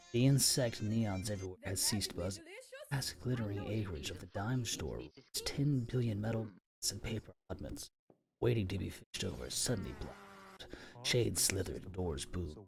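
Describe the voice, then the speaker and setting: A man casually reading a novel aloud on a live stream, sometimes tripping over a word and stopping to remark on it. His voice is low and gravelly, and faint music plays behind him. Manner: stumbles on words and pauses to comment on them.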